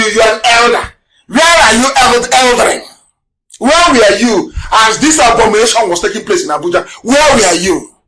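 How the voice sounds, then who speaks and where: A man hosting a live radio broadcast, firing rhetorical questions, mocking his critics and breaking into shouts. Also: a little high. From Nigeria. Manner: scornful, mocking. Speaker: broadcast host.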